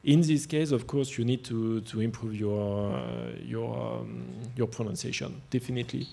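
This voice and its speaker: A man's voice: mid-range voice, steady tone, moderate pace, vocal fry, dark tone, a little hiss or hum. A man with a strong French accent, a startup CEO on a panel, speaking earnestly and repeating his points. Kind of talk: panel discussion answer.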